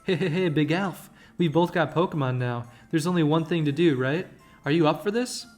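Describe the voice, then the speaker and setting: A man voicing an excitable, impatient young boy rival in a video game, reading his lines in a rushed, eager way. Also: fairly high pitch, faint music behind, lightly acted. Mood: excited. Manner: excitable, rushing.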